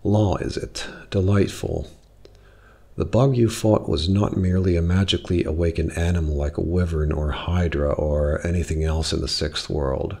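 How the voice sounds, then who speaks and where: A man reading the lines of an impatient, sophisticated older woman who speaks briskly and condescendingly. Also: low-pitched, steady tone, creaky, warm tone.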